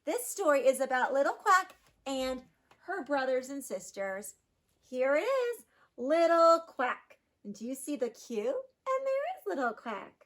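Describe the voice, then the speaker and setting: A woman teacher giving a phonics lesson to young children, sounding out words and gasping with excitement. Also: sits high, unhurried.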